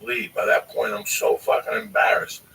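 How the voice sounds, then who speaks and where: A man telling a long, profane, animated story on a podcast, often calling his listener by name. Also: medium pitch, normal speed, creaky, recorded from a distance, slight background noise, poor audio. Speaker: storyteller guest.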